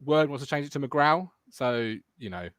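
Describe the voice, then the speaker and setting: A man's voice: mid-range voice, expressive, normal speed, a crowd in the background. Jokey man hosting a podcast. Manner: jokey, teasing presenter. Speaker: podcast host. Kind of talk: casual fan podcast chat.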